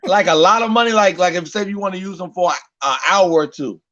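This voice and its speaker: A man's voice: high-pitched, brisk, a bit bright, muffled recording. A man co-hosting a podcast, chatting loosely and emphatically, looping back over his own words. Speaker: podcast co-host. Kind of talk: casual chat.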